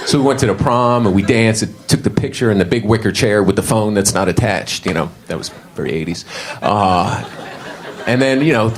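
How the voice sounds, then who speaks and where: A man from Washington, D.C. doing a stand-up set, telling an animated story with voices for the characters. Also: lowish voice, brisk. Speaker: stand-up comedian. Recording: live club set with loud crowd laughter. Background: loud audience laughing and clapping.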